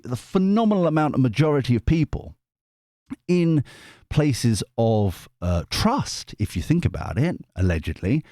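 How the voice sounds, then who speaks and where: Male tarot host, rambling and lively, pitch jumping around, dry close sound. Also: dry recording. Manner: rambling, animated, with many restarts and asides. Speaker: tarot reader, channel host. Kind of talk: casual monologue before a card reading.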